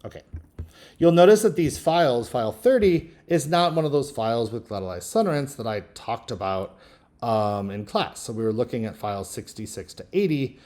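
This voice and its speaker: Relaxed low-voiced man teaching software. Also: normal speed. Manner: relaxed, thinking aloud with frequent ums. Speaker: linguistics instructor. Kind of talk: screen-recorded software tutorial.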